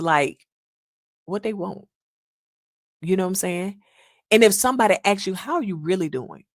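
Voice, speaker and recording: A woman with a medium-pitched voice hosts a podcast, speaking in an earnest, casual monologue where she calls her listeners "y'all" and acts out little quotes. The recording is studio quality with no room sound.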